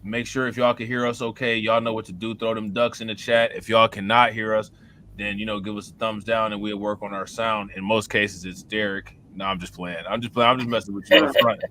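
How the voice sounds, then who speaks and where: A man hosting a casual livestream podcast, laid-back and slangy, giving shout-outs to viewers. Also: on the low side, little pitch movement, brisk, slight background noise. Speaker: podcast host.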